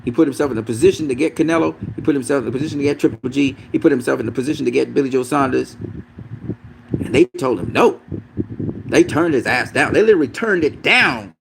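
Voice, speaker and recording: A man's voice: medium pitch, fast, gravelly, background noise. A man giving a casual, profane, emphatic rant as a boxing commentator.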